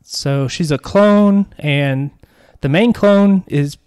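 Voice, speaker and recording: A man's voice: a little high, slow, a little mellow, clear, resonant tone, dry recording, clean studio sound. A man co-hosting a podcast in casual chat, rambling, self-deprecating and laughing often. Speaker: podcast co-host.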